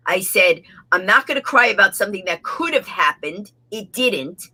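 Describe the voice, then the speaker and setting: A woman guest telling a comic story with lively delivery, acting out the voices of the people in it. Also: medium pitch, normal speed, few pauses, husky. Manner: animated, acts out the voices in her story.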